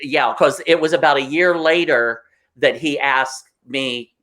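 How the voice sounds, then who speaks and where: A man with a slightly raised pitch talks as a show guest. He tells his stories with excitement and feeling, and he puts on the voices of the people he describes. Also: a little slow. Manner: excitable, emotional, acts out voices in anecdotes. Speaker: guest performer. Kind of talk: animated interview storytelling.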